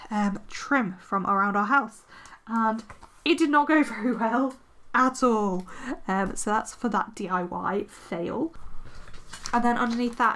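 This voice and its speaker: Decorating her planner, a woman vlogger keeps up a chatty, rambling narration full of fillers and self-deprecating jokes. Her voice sits a little high with a fairly bright tone, and a faint hiss or hum runs underneath.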